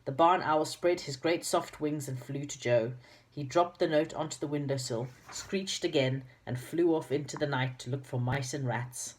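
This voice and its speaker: A woman's voice: low-pitched, normal speed. A woman reading a children's book aloud, with chatty asides and small slips. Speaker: reader.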